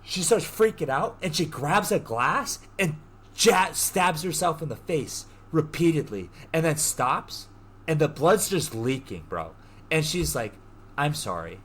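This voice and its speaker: A man hosting a podcast, retelling a story in a casual, animated way, full of slang and swearing. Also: on the high side, unhurried, husky. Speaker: podcast host. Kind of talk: casual chat.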